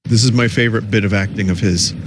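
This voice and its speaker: A man's voice: on the low side, steady tone, quick pace, heavy background noise. A man streaming and reacting to old commercials in casual, rambling commentary with chuckling asides.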